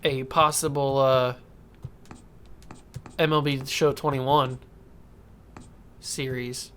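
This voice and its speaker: A man's voice: mid-range voice, flat delivery, slow pace, a bit bright, slight background noise. A man casually commenting while playing a baseball video game, talking to himself and coaxing the game. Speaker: gaming YouTuber. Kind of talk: casual let's-play commentary.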